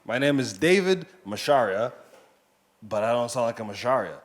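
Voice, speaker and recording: A man's voice: medium pitch, animated, normal speed. A man doing a stand-up set with brash, profane crowd work. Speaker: stand-up comedian.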